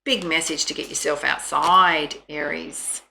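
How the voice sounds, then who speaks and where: A woman's voice: sits low, fairly even intonation, a little slow, creaky, pushed and bright. An Australian woman giving a chatty, soothing tarot reading, with frequent laughs. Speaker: tarot reader.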